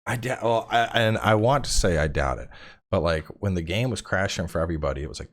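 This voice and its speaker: A man's voice: low voice, fast. A man in his thirties, a podcast guest and game streamer, chatting casually and acting out voices in his stories, swearing freely. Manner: animated storytelling, acts out quotes, swears casually. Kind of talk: casual chat.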